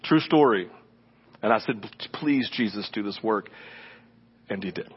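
A male pastor giving a sermon as a conversational, animated story, with asides to the congregation. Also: on the low side, a little slow, breathy edge. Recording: dull lo-fi sermon recording.

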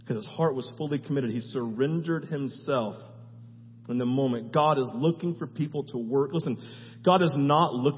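High-voiced preacher in an echoing hall. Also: male voice. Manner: emphatic, repeats lists, tags phrases with "right?". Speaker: pastor. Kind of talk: sermon. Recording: long hall reverb, dull sound.

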